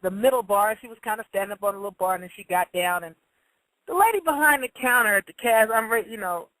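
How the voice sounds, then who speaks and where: A woman's voice: medium pitch, expressive, fast, fairly bright tone, no echo, low-quality recording. A woman hosting a casual monologue who tells stories bluntly, swears freely and acts out the voices of the people she quotes. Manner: blunt storytelling, profane.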